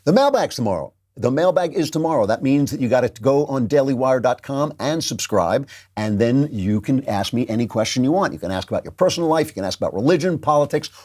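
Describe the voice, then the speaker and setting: A man's voice: mid-range voice, animated, quick pace, few pauses, darkish tone. A man hosting a political commentary show, sarcastic and emphatic, repeating his points. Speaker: host.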